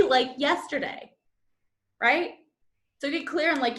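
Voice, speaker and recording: A woman's voice: on the high side, sing-song, normal speed. A woman coach teaching a live online masterclass over a video call, chatty and bubbly, acting out what people say to themselves. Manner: bubbly and chatty, acting out quoted inner voices. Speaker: manifestation and human design coach. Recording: roomy echo.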